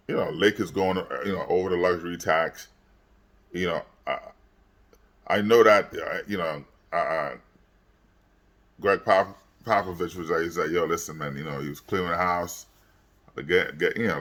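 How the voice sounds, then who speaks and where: Casting note: man, very low voice, loose rambling sports reaction, lots of fillers and repeats. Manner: gets loud and high when worked up. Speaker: basketball commentator. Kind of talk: casual game reaction.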